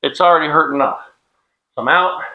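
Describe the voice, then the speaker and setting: Speaking at a moderate pace in a slightly high voice, a middle-aged fitness instructor leads a workout drill, calling out cadence counts and joking casually. He wears a clip-on mic, and the sound is phone quality.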